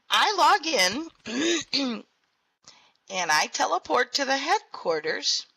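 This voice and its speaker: Lively slow-paced woman telling a story. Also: fairly high pitch, no room sound, low-quality recording. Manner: laughs often, animated when retelling. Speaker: virtual world grid owner speaking at a town hall. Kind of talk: casual storytelling to an audience.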